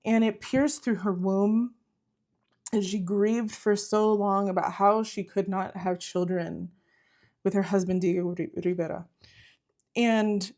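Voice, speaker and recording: A woman's voice: medium pitch, warm tone. Earnest woman giving a tarot reading. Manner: earnest, encouraging, repeats herself, frequent "like". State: close to tears at times. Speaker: tarot reader. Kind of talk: spiritual tarot reading to camera.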